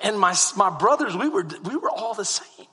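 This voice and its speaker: A male pastor with a high, sharp voice and a husky edge delivers a sermon built on personal storytelling. He drops to hushed tones and then rises to fervent shouts. His voice rings with long reverb through a church hall. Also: expressive, moderate pace.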